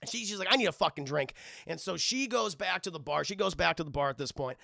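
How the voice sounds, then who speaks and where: Man, casual cartoon review to a live chat, profane and animated, high voice, very gravelly, bright, dry close sound. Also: fast talker, no echo.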